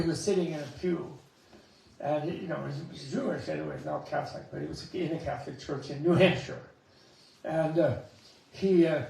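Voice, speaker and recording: A man giving a Buddhist talk, an animated storyteller with chuckling asides, recorded in a temple hall. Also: a little high, creaky. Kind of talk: dharma talk with anecdotes. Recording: echoey hall, mic at a distance.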